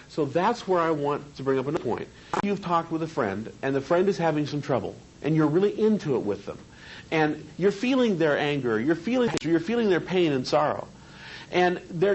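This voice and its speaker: A man's voice: a little high, sing-song, fairly quick, a little mellow, muffled recording, a little hiss or hum. A man teaching a seminar on hypnosis in a training room, talking conversationally and asking the group questions.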